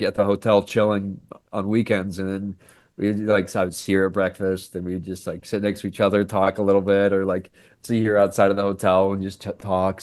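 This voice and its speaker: A male actor speaking as a podcast guest, his voice sitting a little low. He tells stories in a loose, animated way, slipping into the voices of the people he quotes. The sound is dry and close, with no room echo. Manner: animated storyteller who acts out quoted dialogue. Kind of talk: casual podcast interview.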